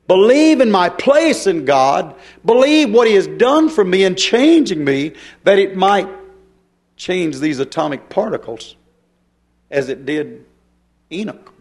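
A man preaching a fervent sermon, firing rhetorical questions and rising into emphatic bursts. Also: sits high.

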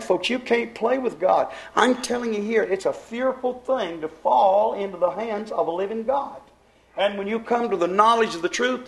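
A man preaching a sermon, telling stories in a folksy, emphatic way and dropping his voice low for effect. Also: gravelly, low-quality recording. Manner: emphatic, folksy preaching with dramatic drops in volume. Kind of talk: fervent storytelling sermon.

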